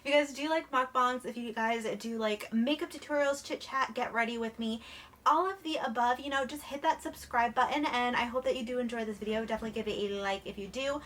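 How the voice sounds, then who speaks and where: A woman's voice: on the high side, a little fast, fairly bright tone, slight background noise. Chatty young woman, lots of "like". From New Jersey. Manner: bubbly and chatty, lots of "like" and "literally". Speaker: YouTuber. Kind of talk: casual chat while eating. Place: alone in a room at home.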